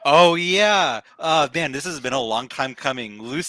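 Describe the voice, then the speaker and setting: A man on a casual podcast panel, earnest and a little halting. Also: on the high side, animated, a bit bright, no room sound. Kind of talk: casual group chat over video call.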